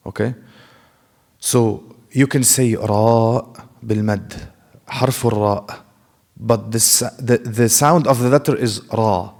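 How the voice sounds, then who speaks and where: A Quran recitation teacher with a low, gravelly, slightly mellow voice lectures a class slowly and patiently in a mosque hall with a long echo. He explains things, sounds out the letter examples himself, and asks his students rhetorical questions.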